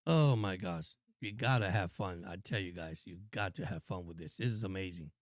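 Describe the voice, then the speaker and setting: A man hosting a live stream and calling football play-by-play in an excitable, repetitive way, often addressing viewers. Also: deep voice, normal speed, no echo. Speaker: host and play-by-play caller.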